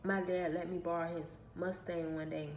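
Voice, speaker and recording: A woman's voice: fairly low pitch, little pitch movement, normal speed, a little mellow. A woman vlogger telling a personal story in an emphatic, aggrieved way, repeating her phrases, in an echoey room. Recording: echoey room with faint background noise.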